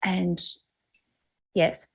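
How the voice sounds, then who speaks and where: A woman's voice: drawn-out words, darkish tone. Eager, curious woman tabletop player. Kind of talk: in-character tabletop play.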